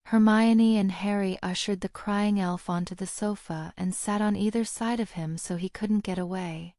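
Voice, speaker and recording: A woman narrating a fan fiction audiobook in a steady, measured reading. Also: mid-range voice, no room sound, clean studio sound.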